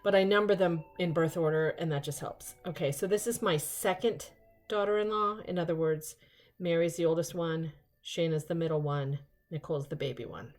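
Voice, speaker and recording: An older woman hosting a casual unboxing vlog, chatty and excitable, rambling into asides. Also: deep voice, moderate pace, soft background music. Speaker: vlog host.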